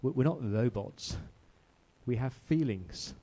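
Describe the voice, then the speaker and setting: A man's voice: mid-range voice, lively intonation, takes it slowly, dark tone. A man preaching a sermon in a church, who speaks conversationally and often repeats and restarts his words. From outside Australia.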